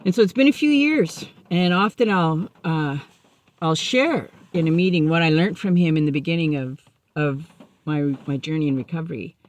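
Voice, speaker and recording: A woman's voice: sits low, normal speed. A woman sharing a personal recovery story in a candid, self-mocking way, acting out remembered conversations. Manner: animated, acts out remembered dialogue.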